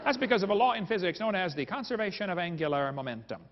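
Over a noisy background, a man with a high, animated voice moves quickly through his folksy, humorous seminar talk, aiming wisecracks at the audience. It's a creation seminar lecture recorded in a dull, echoing hall.

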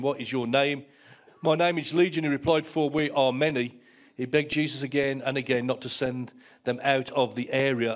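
A middle-aged man preaching a sermon as pastor, telling stories and repeating words as he starts a thought. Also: mid-range voice.

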